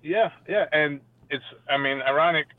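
A male guest speaks over a tinny phone line, dry and close. He talks in a measured, hesitant way, with frequent fillers between his thoughts. His pitch sits in the middle range. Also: no echo. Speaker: guest boxing analyst. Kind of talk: call-in interview on a talk show.

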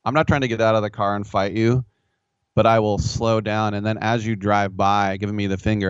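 A man's voice: on the low side, flat delivery, a little fast, clear, resonant tone, no echo. A man hosting a sports radio show, telling rambling, self-mocking stories. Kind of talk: casual sports talk radio. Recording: dull, dry studio sound.

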